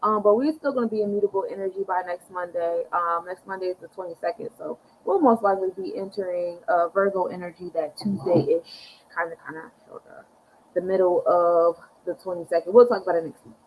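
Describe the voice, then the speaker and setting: A woman's voice: on the low side, fairly even intonation, brisk, a little mellow, slight background noise, rough recording. A young woman hosting an astrology show, chatting casually in an upbeat, slangy, laid-back way. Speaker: astrology podcast host. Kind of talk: casual chat.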